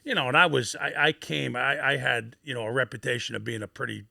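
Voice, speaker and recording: Gravelly, profane man telling stories. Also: medium pitch, fast talker, dry recording, clean studio sound. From Scranton, Pennsylvania. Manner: profane, animated, acts out quoted voices. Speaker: former football player telling stories. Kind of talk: casual storytelling on a podcast.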